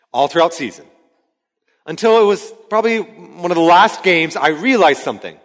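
A male pastor in his thirties delivers a conversational sermon in a church sanctuary. His voice sits a little high for a man and bursts into shouts when he reenacts a story. A long hall reverb trails his words from the stage mic. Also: normal speed. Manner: conversational, rising to shouts when acting out yelling. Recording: hall reverb from a large room.

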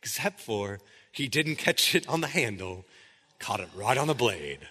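A man's voice: medium pitch, lively intonation, moderate pace, pushed and bright, slightly rough, big-room sound. A male pastor preaching a sermon, emphatic, often checking in with "right?". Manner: emphatic, keeps asking "right?".

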